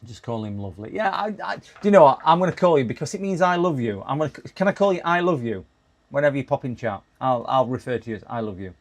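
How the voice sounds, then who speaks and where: A man in middle age talks to his live chat as he fixes a computer, his voice mid-pitched with a gravelly, creaky edge. He rambles easily and stumbles into restarts, breaking off now and then to laugh. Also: very animated, quick pace. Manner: chatty, talks to chat while working, frequent restarts and laughs. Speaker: live-stream repair streamer. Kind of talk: casual live-stream chat.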